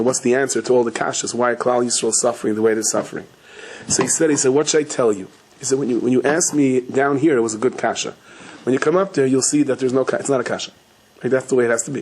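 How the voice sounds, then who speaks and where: This rabbi delivers a Torah talk as a storytelling sermon, voicing the characters in his tales with lively jumps in pitch. He frequently restarts and corrects himself mid-sentence, and there's slight background noise.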